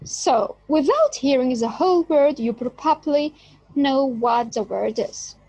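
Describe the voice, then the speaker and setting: A woman teaching an English lesson, speaking deliberately and stressing key words. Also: high-pitched, very animated, a little mellow, no room sound, dull audio. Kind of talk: slow explanatory lesson.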